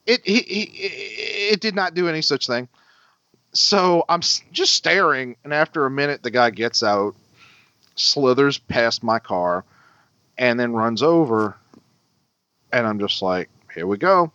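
A man of middle pitch co-hosts a podcast, telling a story in a loose, swearing, animated way. His voice leaps upward whenever he quotes himself. The recording is dry and dull, with a lo-fi sound. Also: a little slow, no echo. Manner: animated, profane, voice shoots up when quoting himself. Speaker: podcast co-host. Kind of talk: casual storytelling.

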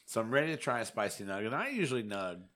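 A man's voice: fairly low pitch, sing-song, fast, a bit bright. A man hosting a casual food tasting, laid-back and swearing freely. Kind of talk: casual chat.

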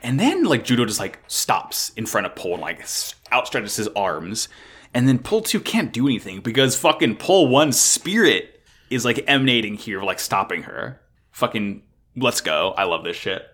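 A man's voice: medium pitch, normal speed, husky. A man casually recapping an anime episode, swearing freely and acting out the characters' lines. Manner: animated, swears a lot, acts out characters' lines. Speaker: podcast co-host recapping an anime. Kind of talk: casual chat.

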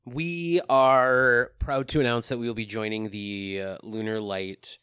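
Podcast co-host, mid-pitched voice, chatty, acts out quotes, dry close sound. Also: steady tone, measured pace, fairly bright tone, clear, resonant tone, no room sound. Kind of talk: casual chat.

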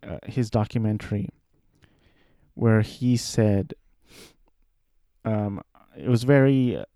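A man in his thirties talking casually about his life, rambling and self-deprecating, with halting restarts. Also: lowish voice, warm tone, no echo, studio quality. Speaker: aspiring voice actor. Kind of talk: casual personal monologue.

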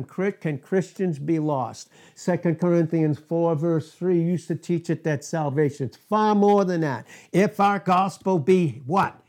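A man's voice: fairly high pitch, unhurried, hardly any pauses, darkish tone. A man preaching a sermon, pressing his listeners with repeated rhetorical questions and emphatic calls.

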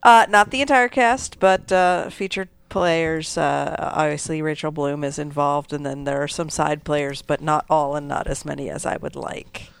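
A woman's voice: deep voice, fairly even intonation, normal speed, gravelly, hardly any pauses, clear, resonant tone, no echo. A woman co-hosting a podcast, talking in an enthusiastic, chatty, self-deprecating way. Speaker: podcast co-host. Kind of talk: casual chat.

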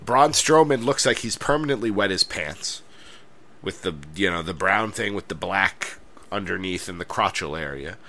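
A man's voice: low-pitched, animated, moderate pace, sharp tone. A man co-hosting a wrestling podcast in casual chat, joking and playing mock exasperation as he signs off. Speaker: podcast co-host.

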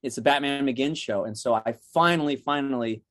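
A young man telling stories in a casual chat, animated, acting out the people he quotes. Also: medium pitch, a little fast, no room sound, studio quality. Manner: animated, acts out quotes in other voices.

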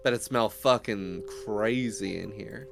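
A man's voice: fairly low pitch, unhurried, gravelly, music in the background. A man chatting casually and joking with a friend while streaming a game, cursing often. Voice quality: joking, swears freely.

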